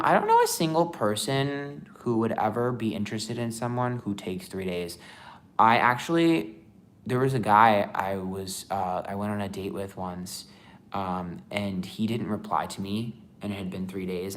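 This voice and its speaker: A man's voice: fairly low pitch, moderate pace, a bit bright, a little hiss or hum. A man chatting casually on a livestream as a tarot reader, rambling with lots of fillers.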